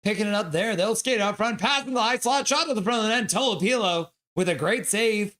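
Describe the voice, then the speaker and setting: Fields: Sex: male. Role: play-by-play caller. Pitch: fairly high. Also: bright, forceful tone. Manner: brisk play-calling mixed with joking chat reading. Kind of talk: fan livestream play-by-play.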